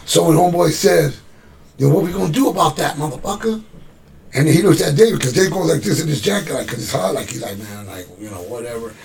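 A man's voice: on the high side, quick pace, vocal fry. A man casually telling a street story from his youth, swearing freely and acting out what others said. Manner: profane, animated street storyteller acting out quotes.

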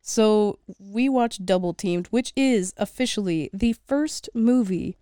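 A woman's voice: mid-range voice, slow pace, warm tone, clean tone, dry recording. Easygoing young woman, dry close mic. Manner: easygoing, reads notes aloud. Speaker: podcast co-host. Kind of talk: casual chat.

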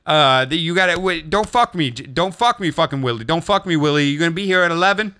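A man putting on a brash Italian New Yorker man who talks pushy and fast on the phone. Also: fairly high pitch, expressive, bright, forceful tone, clean tone, voice pushed up.

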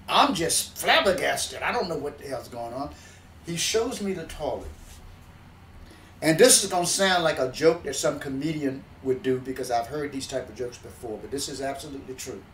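A man from the backwoods telling a folksy story in an animated, plainspoken way, often restarting mid-sentence. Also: a little high, moderate pace, roomy sound, far from the mic, a little hiss or hum, low-quality recording. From backwoods countryside.

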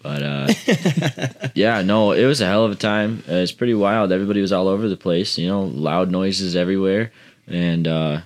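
A man with a very low voice tells a story among friends on a casual podcast. He rambles and swears freely, stacking up fillers as he goes. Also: moderate pace. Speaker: podcast co-host. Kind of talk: casual chat.

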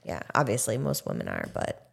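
A woman's voice: a bass voice, wildly swooping pitch, brisk, creaky, slightly rough. A young woman co-hosting a podcast in casual chat, talkative, laughing often and swearing casually. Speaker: podcast co-host.

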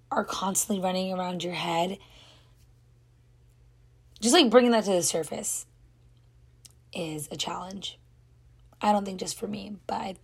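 Hoarse young woman, earnest podcast chatter. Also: medium pitch, a little mellow. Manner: earnest, rambling, lots of "like". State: hoarse, voice nearly gone. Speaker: podcast host. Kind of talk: casual solo podcast talk.

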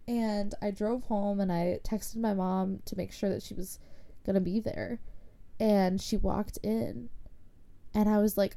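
A woman's voice: mid-range voice, fairly even intonation, a little slow, dark tone. A young woman casually telling a personal story, rambling with lots of filler words. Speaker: podcast host.

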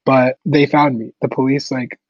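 A young man with a husky, slightly breathy voice recounts his story in an easygoing way, peppering nearly every phrase with "like". The recording is dry and a bit dull, with no room around him. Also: medium pitch, level tone, moderate pace, no echo. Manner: casual, heavy use of "like" fillers. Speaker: podcast guest. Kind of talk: personal storytelling interview.

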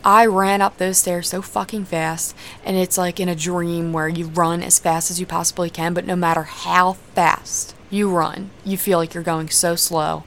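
A woman's voice: on the low side, little pitch movement, moderate pace, few pauses, a bit bright, a little hiss or hum. A young woman hosting a podcast, telling a personal story in a candid, profane, casual way. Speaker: podcast host.

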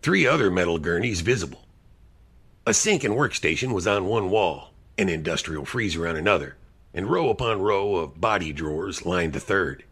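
Deep-voiced man narrating a mystery. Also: animated, a bit bright, husky. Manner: dry, measured storytelling. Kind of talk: first-person audiobook narration. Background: music.

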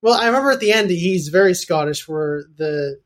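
A man co-hosting a podcast in casual chat, thoughtful and hesitant with pauses. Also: high-pitched, lively intonation, fairly bright tone. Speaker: podcast co-host.

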